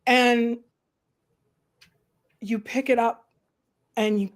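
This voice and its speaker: A woman's voice: a little high, very slow. A middle-aged woman from the Canadian prairies, hosting a casual chat and acting out little quoted voices as she talks. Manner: animated, acts out quoted voices. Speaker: host.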